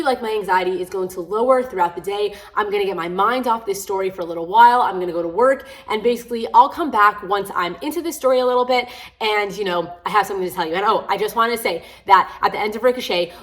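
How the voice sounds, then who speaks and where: A woman book vlogger chatting casually and gushing about a book series, rambling with lots of "like" and the odd swear word. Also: medium pitch. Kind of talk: casual reading vlog chat.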